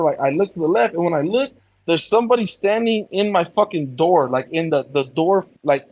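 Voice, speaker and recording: A man in casual chat, telling a personal story in an animated, profane way. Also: high-pitched, rough recording.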